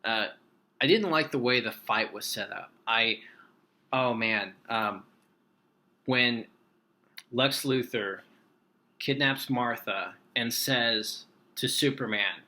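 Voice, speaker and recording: A man's voice: mid-range voice, slow, pauses often. Rambling man reviewing a film. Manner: rambling, excitable. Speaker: movie reviewer. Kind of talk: casual film review vlog.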